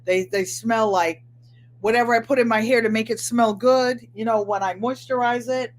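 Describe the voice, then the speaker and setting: An older woman hosting a casual sewing and crafts vlog, rambling warmly to viewers and answering them by name. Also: on the high side, fairly even intonation, normal speed. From Connecticut. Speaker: crafting channel host.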